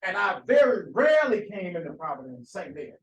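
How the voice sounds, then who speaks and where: A man's voice: sits high, big pitch swings, fairly quick, recorded from a distance, muffled recording. A man preaching an impassioned sermon, asking rhetorical questions and repeating phrases for emphasis. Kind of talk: fiery sermon. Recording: echoey room, voice off-mic.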